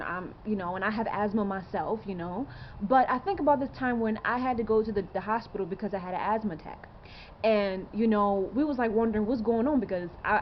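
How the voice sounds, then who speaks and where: A woman's voice: medium pitch, dull audio, a little hiss or hum. A woman in her twenties talking straight to camera in a rambling, earnest way, full of fillers and rhetorical questions. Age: 20s. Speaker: vlogger. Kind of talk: casual to-camera monologue.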